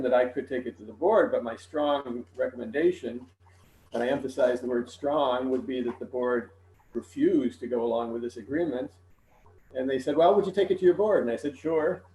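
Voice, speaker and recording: A man giving a frank, measured report to a village board over an online meeting. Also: medium pitch, mellow, reverberant, rough recording.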